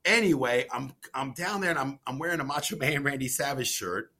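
A man talks as a podcast guest in an ordinary mid-range voice, spilling out stories in an excitable, rambling rush and tripping over his restarts. He sounds a little worn from jet lag. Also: medium pitch, a little fast, breathy edge. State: jet-lagged. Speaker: cookbook author guest. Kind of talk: casual podcast interview.

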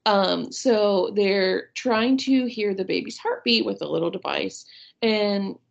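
A woman's voice: medium pitch, slow, gravelly, dull audio. A woman in her thirties, a podcast co-host, chatting casually and retelling movie scenes with frequent laughs. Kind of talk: casual chat about a movie.

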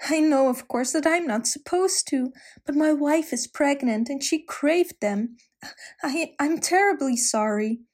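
A woman's voice: high voice, measured pace, a little mellow, voice pushed up. A woman voicing a frightened man who stutters and apologizes in a storybook reading. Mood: scared. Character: frightened husband caught stealing, stuttering man.

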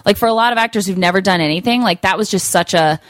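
A woman's voice: medium pitch, no echo. A young adult woman, a comedian guest, chatting casually, filling her talk with "like" and acting out the voices of the people in her stories. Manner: fast, says "like" a lot, acts out quotes. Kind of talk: casual chat, storytelling.

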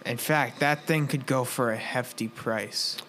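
A young man in casual play, narrating a tabletop game as game master, animated and laughing often. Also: mid-range voice, unhurried, slight background noise.

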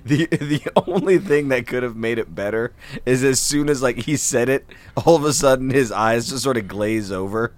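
A man's voice: medium pitch, normal speed, no echo. A man co-hosting a podcast, ribbing his friends in casual chat and laughing often. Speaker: podcast co-host.

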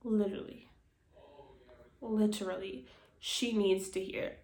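A woman's voice: on the high side, measured pace, roomy sound. A woman hosting a podcast, talking frankly and earnestly to camera, swearing freely and repeating phrases for emphasis. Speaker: podcast host. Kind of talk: casual motivational talk. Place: indoors, speaking to camera.

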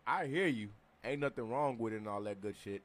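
A man's voice: mid-range voice, animated, brisk. Joking, swearing man on a podcast. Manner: loud, joking, swears freely. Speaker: podcast co-host. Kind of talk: casual chat.

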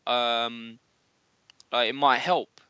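A man's voice: mid-range voice, fairly even intonation, very slow, pushed and bright, clean tone, no echo. A young man co-hosting a podcast, talking bluntly and swearing freely in casual chat. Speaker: podcast co-host. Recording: dry, slightly dull podcast mic.

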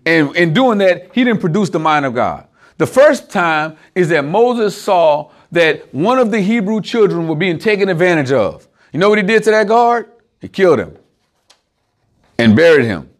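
High-voiced man preaching casually. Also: big pitch swings, normal speed. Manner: conversational, asks the group rhetorical questions, chuckles often. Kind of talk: informal sermon to a small group.

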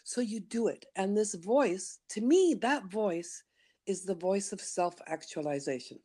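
A woman's voice: mid-range voice, lively intonation, a little slow, dark tone. A middle-aged woman from Canada, a voice workshop leader, telling her story in an interview and acting out her inner voice in playful asides. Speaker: guest, studio founder and voice workshop leader. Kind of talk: conversational interview.

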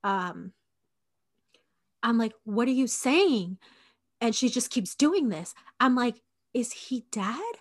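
A woman's voice: fairly high pitch, lively intonation, slow pace, pauses often. A woman in her twenties recounting a personal story in casual podcast talk, with lots of "like" and fillers, acting out what people said. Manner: conversational, frequent "like" and fillers, acts out quoted dialogue.

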